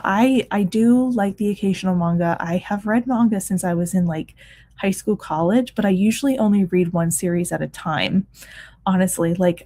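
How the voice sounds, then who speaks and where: A woman's voice: fairly low pitch, darkish tone, slight background noise. A woman in her thirties hosting a reading livestream, chatting casually and reading out comments, tired and full of ums and restarts. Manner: chatty, many ums and restarts, laughs often. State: tired, yawning. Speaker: reading sprint livestream host.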